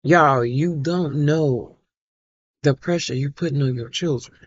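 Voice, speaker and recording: Speaking a little slowly in a low voice, a middle-aged woman tells the camera a personal story with emphasis, going over things again and imitating the people she quotes. There's no echo, though the highs are cut off.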